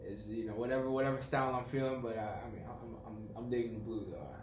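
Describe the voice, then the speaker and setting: A man's voice: mid-range voice, fairly even intonation, fast. A man answering interview questions in a laid-back, hesitant way, often repeating his words. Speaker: guest. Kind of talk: casual interview. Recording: roomy echo, faint noise.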